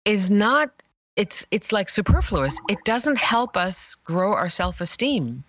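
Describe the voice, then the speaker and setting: A woman image therapist, a guest in an interview, telling stories passionately with emphatic pauses. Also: medium pitch, big pitch swings, a bit bright, no room sound. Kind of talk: emotional storytelling interview.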